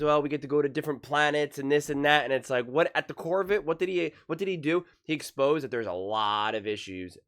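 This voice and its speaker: A man ranting in a reaction commentary on sports, heated and repetitive. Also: mid-range voice.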